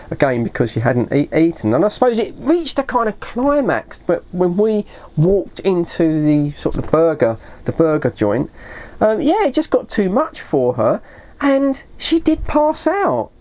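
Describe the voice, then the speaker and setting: A woman's voice: deep voice, dark tone. A woman telling a long story in a casual, rambling way, often correcting herself and saying "you know". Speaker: vlogger.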